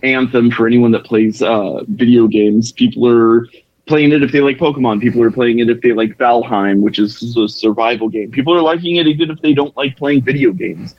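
A man's voice: mid-range voice, fairly quick, dry recording. Man on a muffled call line. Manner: explains in long runs with filler ums. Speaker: guest caller. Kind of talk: casual podcast chat.

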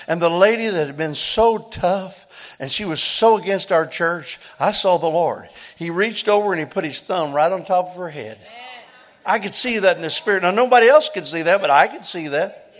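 An older man, a pastor telling a story in a sermon that builds into loud preaching and an altar call. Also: sits high.

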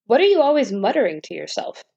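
A woman voicing a gruff male cart driver who talks curtly and asks short questions. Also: on the high side, very animated, quick pace, mellow, no room sound, voice pushed up, exaggerated voice. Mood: questioning. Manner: curt, questioning. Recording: dull dry lo-fi recording.

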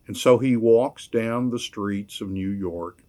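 Guy preaching slow and deliberate, lowish voice, leans on repeats. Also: a little mellow. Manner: measured preaching with emphatic repeats. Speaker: pastor. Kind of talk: sermon.

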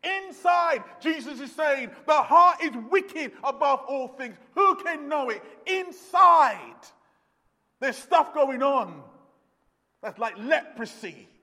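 A man preaching a sermon as pastor, swinging from hushed lines to shouted emphasis. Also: extremely high pitch, expressive, slow. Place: church. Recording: long echoey reverb of a hall.

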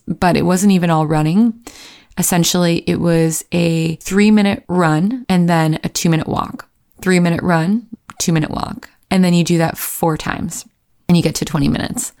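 Candid woman with a gravelly low voice. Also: darkish tone. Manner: candid and self-deprecating, acting out her own inner voice. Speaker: vlogger. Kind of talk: personal storytelling to camera.

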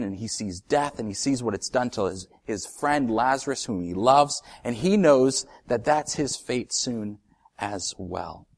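Male pastor, mid pitch, preaching sermon, dynamic from loud to hushed.

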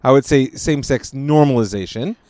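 A man co-hosting a casual podcast, talking in a measured, analytical way with short interjections. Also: medium pitch, a little mellow, no echo. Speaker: podcast co-host. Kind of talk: casual political chat.

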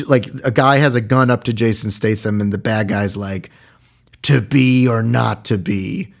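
A man's voice: lowish voice, a little mellow. A man giving a casual, rambling film review in a wry, irreverent way, full of fillers.

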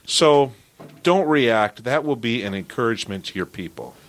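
A man's voice: mid-range voice, lively intonation, normal speed. A man who is a pastor, co-hosting a podcast and talking earnestly about church leadership. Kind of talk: casual podcast talk.

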